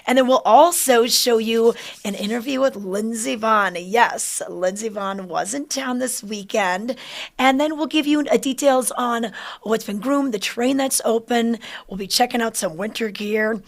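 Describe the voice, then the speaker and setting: A woman's voice: a little high, a little slow. Upbeat woman hosting a morning show. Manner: upbeat, chatty, rundown of the show. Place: studio newsroom.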